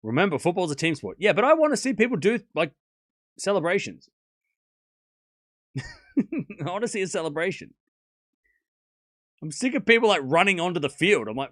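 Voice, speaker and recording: A man's voice: high voice, very animated, normal speed, long pauses, dry recording, clean studio sound. A man hosting a live tennis watchalong stream, giving casual commentary and chatting to his viewers, sliding into rants with swearing and sarcasm.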